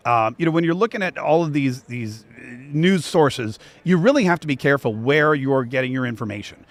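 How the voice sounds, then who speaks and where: High-voiced animated male talk host. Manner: animated, breaks into chanted rap rhymes. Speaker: political talk show host. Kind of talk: energetic political commentary. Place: convention media row.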